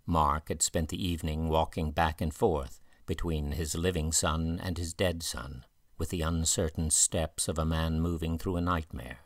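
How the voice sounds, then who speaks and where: A man narrating a southern gothic audiobook in an even, measured way. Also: rumbling low, no echo, clean studio sound. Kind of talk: scripted narration.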